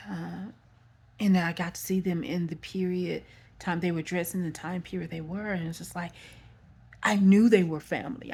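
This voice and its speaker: A woman's voice: on the low side, warm tone, breathy edge. A woman with a Texan accent telling a personal story in a loose, rambling way, often correcting herself and saying "y'all.". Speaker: vlogger. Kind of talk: casual storytime.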